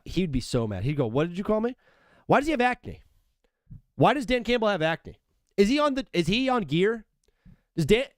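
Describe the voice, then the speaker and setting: This sports talk show host is a young man with a high-pitched voice, running a live stream in a casual, animated style. He keeps addressing people as "dude" and "brother," and the sound is dry and studio quality.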